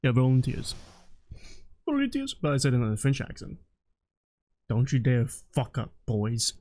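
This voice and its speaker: A man's voice: medium pitch, huge pitch swings, moderate pace, darkish tone, dry recording, clean studio sound. A young man co-hosting a gaming let's play, joking around in crude, casual banter. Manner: joking, crude, laughs a lot.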